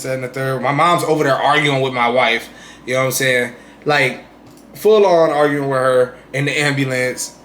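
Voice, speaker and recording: A young man rambling through a personal story in casual vlog talk, often asking "you know what I'm saying", swinging between loud bursts and quiet asides. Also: mid-range voice, slight background noise. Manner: animated retelling, swings loud and soft. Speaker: streamer telling his own story.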